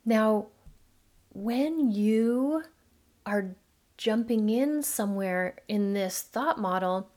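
A woman's voice: medium pitch, drawn-out words. Earnest woman podcast host. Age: middle-aged. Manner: earnest, animated storytelling with gasps and re-enacted dialogue; addresses listeners as mamas. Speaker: podcast host, midlife coach. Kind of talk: casual monologue podcast.

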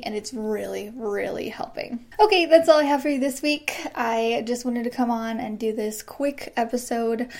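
A woman in her thirties hosting a casual solo podcast, bubbly and quick to laugh. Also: fairly high pitch. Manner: bubbly, laughs often, acts out quoted excited voices. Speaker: podcast host.

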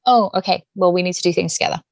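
A woman's voice: on the low side, very fast, gravelly, no room sound. A British woman hosting a podcast interview, chatty, blunt and teasing with her guest. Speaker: podcast host.

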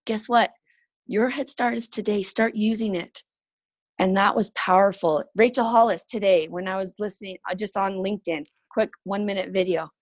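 A woman in her thirties speaks as a podcast guest. She talks earnestly and with animation, slipping into lively voices when she quotes others. The sound is dry and close. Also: mid-range voice, moderate pace, no echo. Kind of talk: casual interview talk.

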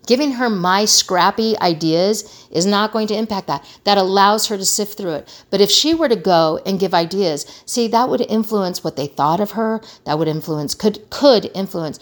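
A woman's voice: mid-range voice, moderate pace, few pauses. A middle-aged woman hosting a casual advice talk, earnest and conversational, acting out remarks she quotes. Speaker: host.

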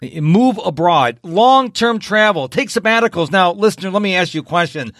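A man from upstate New York hosting a podcast, talking in a high-energy, jokey, animated way. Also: moderate pace, no echo, clean studio sound. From Rochester, New York. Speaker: podcast host. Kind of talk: casual interview chat.

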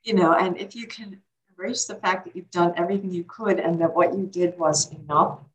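A woman's voice: fairly low pitch, steady tone, brisk, low-quality recording. A woman guest speaking on caregiving in an interview. She talks reflectively, often repeating words as she gathers her thoughts. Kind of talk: conversational interview.

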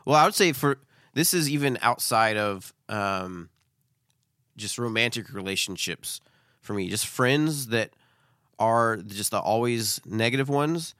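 Bright, lively-voiced man co-hosting. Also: lowish voice, a little slow, no room sound, clean studio sound. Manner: reads list items aloud, then comments. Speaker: podcast co-host. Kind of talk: casual chat, reading a list.

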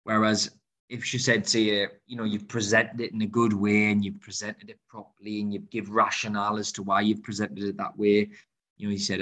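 A man with a lowish voice, talking through sales tips in an energetic, casual way. He repeats himself a lot and acts out little phone calls as he goes. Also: normal speed. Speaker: host giving sales tips. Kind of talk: casual advice talk.

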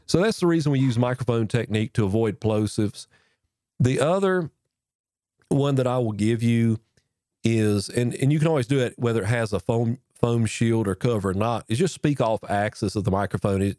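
A dark-toned podcast host shows how to work a microphone in a casual instructional talk to camera, speaking into a foam-covered boom-arm mic near his face. He's folksy, often repeating and restarting. The recording is dry and clean, with studio sound.

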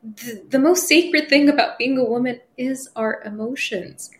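A woman who works as a spiritual medium, talking as a podcast guest in a casual, expressive way, acting out her own inner dialogue and swearing casually. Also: sits high, a little slow.

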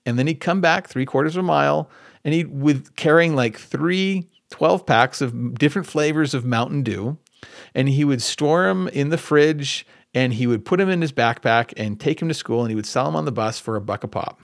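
A man's voice: fairly high pitch, normal speed, gravelly, no echo, studio quality. A man hosting a podcast, telling a long personal story in a casual, rambling way and often correcting himself as he goes. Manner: conversational, rambling with self-corrections. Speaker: podcast host. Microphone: podcast microphone at computer.

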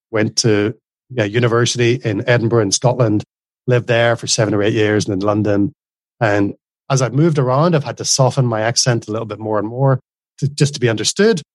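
A man in his forties with a softened Northern Irish accent blended with Australian, talking earnestly as an interview guest in long runs with frequent restarts. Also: medium pitch, no echo. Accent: softened Northern Irish, mixed with Australian. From Northern Ireland. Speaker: guest, course creator. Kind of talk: casual interview conversation.

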